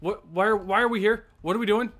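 A man co-hosting a video game let's play, chatting casually, rambling and jumpy, quick to panic. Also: high voice, fairly bright tone. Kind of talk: casual gameplay chat.

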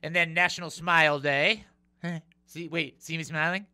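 A man's voice: fairly high pitch, moderate pace, smooth. A man hosting a Christian call-in radio show, chatting casually, telling jokes and teaching from the Bible. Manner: lively, jokey, laughs at his own jokes.

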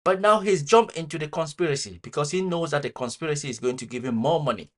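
A man commenting critically on public figures between clips, pausing to search for words. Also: on the high side. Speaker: commentary host.

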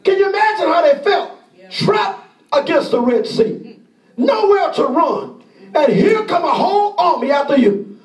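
In a reverberant space, far from the microphone, a pastor preaches fervently, often shouting and dramatizing the pleas of those he describes. His very high-pitched delivery is sing-song and a little slow.

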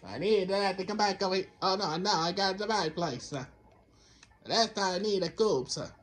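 Soft background music plays as a male gameplay commentator rambles through a let's-play in a high, somewhat bright voice at a moderate pace. He talks to himself and the game, and he keeps falling into a Count Dracula-style voice and chiding himself for it.

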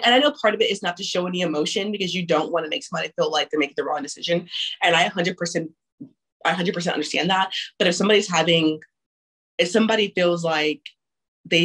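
A young woman with a husky, slightly low voice tells her personal story. She speaks frankly and casually, restarting her sentences often and swearing now and then. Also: fairly bright tone, rough recording. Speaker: mother sharing her abortion story.

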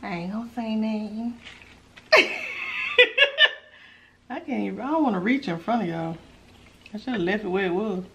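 A woman's voice: medium pitch, darkish tone, lo-fi sound, slight background noise. A woman hosting a mukbang eating show, chatting casually to her viewers between bites and laughing often. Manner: chatty, giggly, talks to viewers while eating. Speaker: mukbang host.

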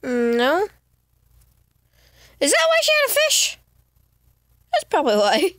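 A woman streaming a video game, chatting to herself in a giggly way and breaking into excited squeals. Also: extremely high pitch, slow, no room sound. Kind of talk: casual let's-play commentary.

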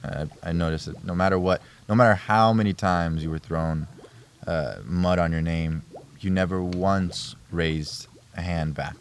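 Deep-voiced young man, earnest. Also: fairly even intonation, measured pace, slight background noise. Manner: earnest, rambling, restarts often. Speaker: podcast guest, host's son. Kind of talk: casual family podcast chat.

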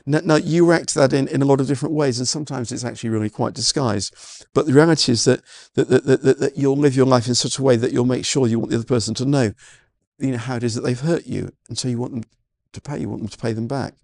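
A man's voice: mid-range voice, fast talker, gravelly, a little mellow, no room sound, clean studio sound. A man preaching a sermon, earnest and full of stammered restarts and "you know" fillers. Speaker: pastor.

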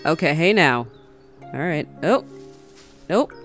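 A woman's voice: sits low, animated, slow, soft background music. A woman hosting a casual let's play, chatting as she explores a game and squealing when she spots creatures. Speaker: gaming channel host.

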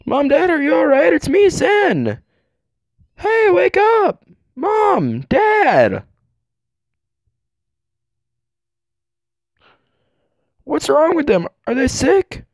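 A man voicing a frightened young girl in a high, squeaky falsetto for a comedic fan dub. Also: wildly swooping pitch, slow, dry recording, clean studio sound, full character voice.

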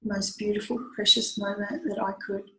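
Woman storyteller, heartfelt and conversational, mid pitch, echoey room. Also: fairly quick. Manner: heartfelt, lively retelling with hesitations. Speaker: storyteller recounting a pilgrimage walk. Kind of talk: personal anecdote, conversational.

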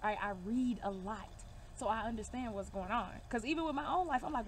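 A woman's voice: a little high, fairly quick, slight background noise. A woman giving a casual card reading to camera, emphatic and reassuring, calling her viewers y'all and baby. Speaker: divination reader.

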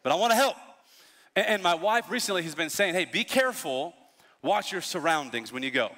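A man in his thirties preaches from the pulpit, his voice high and bright. He tells stories in an animated way with playful asides. The sound carries a long reverb from a large church hall. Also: brisk. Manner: animated storytelling, lively asides. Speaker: pastor. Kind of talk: sermon.

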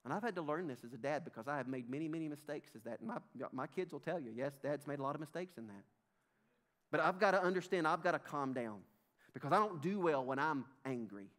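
A man's voice: a little high, lively intonation, fast, a bit bright. A middle-aged man with a Southern US accent preaching a sermon in church, emphatic and repetitive, calling his congregation "folks.". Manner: emphatic, repeats himself, addresses congregation as folks. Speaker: pastor. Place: church sanctuary.

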